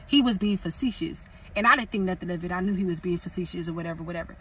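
A woman's voice: lowish voice, very fast, bright, forceful tone, breathy edge, distant mic. A young woman from California, a prophetess, preaching casually and rambling, repeating phrases for emphasis.

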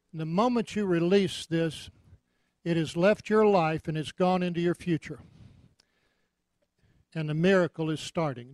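Folksy Texan preacher, higher voice. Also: male voice, a little mellow, no echo. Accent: Texas. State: hot and sweating. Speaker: visiting minister. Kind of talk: sermon and offering appeal.

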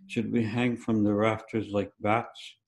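A man's voice: lowish voice, little pitch movement, measured pace, gravelly. A man voicing an impatient older village mother in a folk tale. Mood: scolding. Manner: scolding, then fawning.

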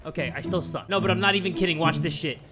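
A young man giving loud, swearing let's-play commentary over a skateboarding game, yelling and laughing as he plays. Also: high-pitched, fast, a crowd in the background. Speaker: gaming YouTuber. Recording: game music in the background.

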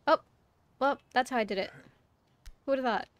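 A young woman livestreams a game and talks to her chat in a loose, rambling way. Her voice sits fairly high. Her chatter is casual and she swears when the game frustrates her. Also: fairly quick, no echo. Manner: talks to chat while playing. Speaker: VTuber streamer.

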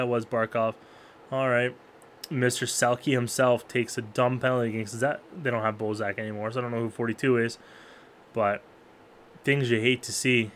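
A man calls a hockey video game play by play in a voice of ordinary, middle pitch. He shouts up high at big moments, drops to quiet grumbles between them, and talks straight to the players on screen. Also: slight background noise. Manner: jumps to loud, high-pitched yelling at big plays, then drops to low mutters. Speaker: gaming YouTuber.

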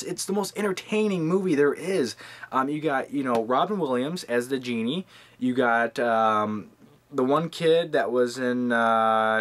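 Rambling, joking young man vlogger. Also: medium pitch. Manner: rambling and joking, with lively asides to viewers. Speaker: movie-review vlogger. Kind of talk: casual countdown vlog.

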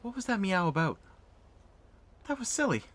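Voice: mid-range voice, sing-song, moderate pace, a bit bright. A gaming streamer giving playful, chatty commentary while playing a game and reading dialogue aloud. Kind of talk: let's play commentary.

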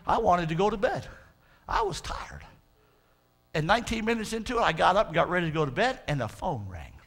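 A man's voice: sits high, huge pitch swings, fairly quick, creaky, a bit bright. A male pastor preaching a fervent sermon, stretching out his quotes of scripture for emphasis.

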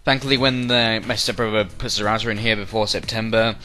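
A man's voice: lowish voice, steady tone, brisk, sharp tone, soft background music. A young man giving casual game commentary at home, rambling and jokey and breaking into silly voices. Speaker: let's play commentator. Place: bedroom at home.

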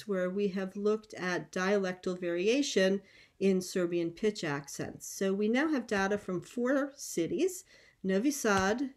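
A middle-aged woman giving an academic conference talk on linguistics. She explains carefully and methodically, with a mid-range voice and frequent small "um" pauses as she steps through her points. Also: mid-range voice. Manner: measured, explanatory, with frequent ums. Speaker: linguistics lecturer.

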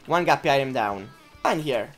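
A young woman commentating her own video game run, laughing often, swearing and reacting loudly. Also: rumbling low, animated, normal speed, faint music behind. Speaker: gameplay commentator. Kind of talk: let's play commentary.

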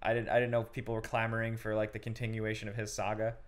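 A man's voice: fairly low pitch, completely flat delivery. Guy hosting a laid-back games chat, loose and sweary. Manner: quick, casual, swears freely. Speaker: gaming show host. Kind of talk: casual panel chat.

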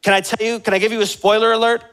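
A man's voice: high-pitched, level tone, very fast, fairly bright tone, clean tone, rough recording. A man preaching a sermon as pastor, with passionate emphasis that rises and falls, asking the congregation direct questions. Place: church sanctuary.

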